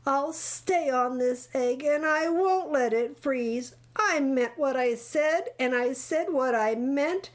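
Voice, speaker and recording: Woman reading as a loyal gentle storybook elephant, earnest, slow and steady, high voice. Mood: steadfast. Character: faithful, gentle, patient male elephant. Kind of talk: read-aloud storybook voices.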